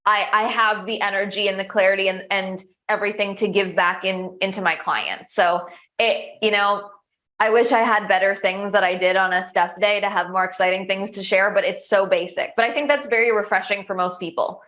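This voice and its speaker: A woman's voice: mid-range voice, fairly even intonation, a little fast, fairly bright tone. A young woman coach answering interview questions in a chatty, upbeat way, full of restarts and filler words. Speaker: coach and show host.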